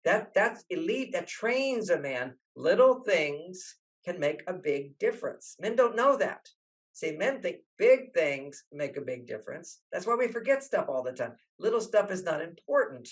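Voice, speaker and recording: In a storytelling interview, an older man known for writing about relationships gets animated and voices the people he quotes. His voice is high and his delivery unhurried, on a low-quality recording.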